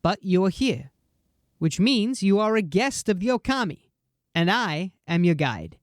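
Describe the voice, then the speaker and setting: A teasing little furred creature guide, as a woman reads him aloud, chatty and soft-spoken. His pitch swoops up and down in a lively, sing-song way. The audiobook sound is close and dry. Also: measured pace, no room sound. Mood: teasing, musing. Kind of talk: audiobook character voice.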